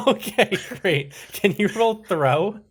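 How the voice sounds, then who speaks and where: A man narrating a tabletop game as game master, his pitch rising and falling in lively swings. He talks loosely and profanely and often laughs. Now and then he breaks into voices for the characters. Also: takes it slowly, breathy edge.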